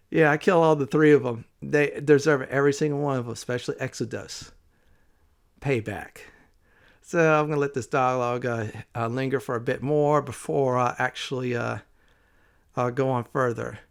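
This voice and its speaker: Man, let's play host, smooth resonant voice, casual rambling commentary, lots of "uh" fillers. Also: mid-range voice, normal speed.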